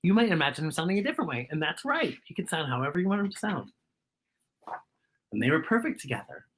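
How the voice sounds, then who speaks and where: A woman's voice: deep voice, very animated, fast talker, a little hiss or hum. A woman hosting a children's storytime, reading a picture book aloud and asking her young listeners questions, sometimes dropping to a whisper.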